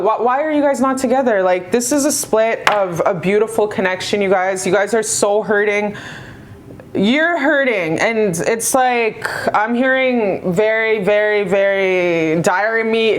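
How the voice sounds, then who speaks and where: Talking to her audience during a casual tarot reading, this woman from Canada is warm and gushing, with plenty of swearing. She speaks in an unhurried, mid-range voice.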